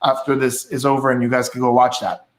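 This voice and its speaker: A man's voice: medium pitch, completely flat delivery, quick pace, echoey room. A man from Quebec with a Québécois accent, hosting a live stream in a chatty, upbeat way full of restarts. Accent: Québécois French. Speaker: host. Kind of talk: casual live-stream chat.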